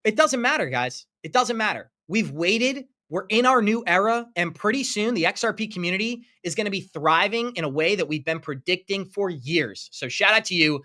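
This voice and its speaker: Upbeat male live-stream host, bright and high-pitched, effusive and chatty. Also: expressive, normal speed, hardly any pauses. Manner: upbeat, effusive, thanking viewers by name. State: running out of breath. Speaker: crypto livestream host. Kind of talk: live stream chat, reading donations.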